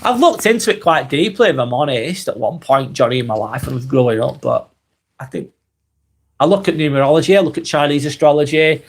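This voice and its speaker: A man in his forties with a Lancashire accent, hosting a calm live vlog and reading comments while he has a cold. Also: on the high side, slightly rough. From East Lancashire, England. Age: 40s. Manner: unhurried, reflective, musing aloud with tag questions.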